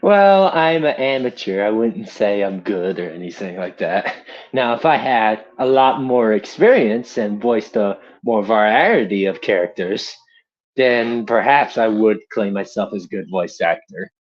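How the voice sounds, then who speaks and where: A man's voice: fairly low pitch, expressive, unhurried. A young man on a casual live stream, an amateur voice actor who talks in a rambling, self-deprecating way. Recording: dull lo-fi streaming audio.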